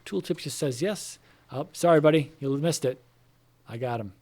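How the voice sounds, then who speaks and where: A man with a somewhat high, slightly mellow voice talks at a moderate pace while gaming. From his home computer room he rambles to viewers, sprinkling in fillers, casual profanity and asides about the game.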